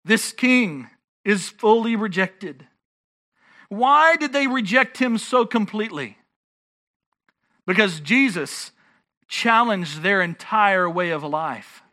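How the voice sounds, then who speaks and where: A man's voice: sits high, expressive, slow pace, pauses often, pushed and bright. A man preaching a sermon as pastor, earnest and emphatic, often restarting his phrases.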